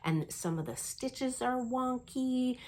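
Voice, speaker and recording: A woman's voice: high voice, lively intonation, takes it slowly, darkish tone. A woman vlogger telling a story in casual chat, acting out her own reactions with lots of fillers. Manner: chatty with many fillers. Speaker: cross stitch vlogger.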